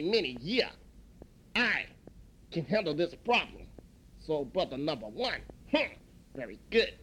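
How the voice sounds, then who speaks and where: A man voicing a calm, wise elderly male shopkeeper who speaks slowly and soothingly, with measured pauses. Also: on the high side, breathy edge, pitched below the performer's own voice, heavily acted, low-quality recording.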